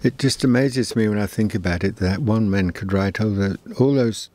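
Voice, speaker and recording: Deep-voiced relaxed radio presenter man. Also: moderate pace. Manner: relaxed, admiring chat to listeners. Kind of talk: casual radio hosting.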